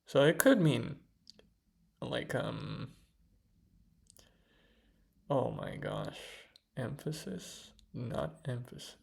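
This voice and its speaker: A man studying at his computer, muttering words to himself in a casual commentary, mostly soft with sudden excited bursts. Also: mid-range voice, extremely slow, gravelly, long pauses. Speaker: language learner vlogger. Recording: loud keyboard typing behind.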